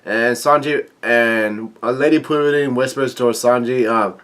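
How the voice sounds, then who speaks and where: A man reads a comic chapter aloud in a plain, mid-pitched voice. He stumbles and restarts often and fills gaps with "uh" and "um". He tosses in his own casual remarks between the lines he reads. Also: fairly bright tone. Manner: halting, many fillers and restarts; reads dialogue aloud with light commentary. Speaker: manga chapter reader. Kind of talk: casual manga read-through.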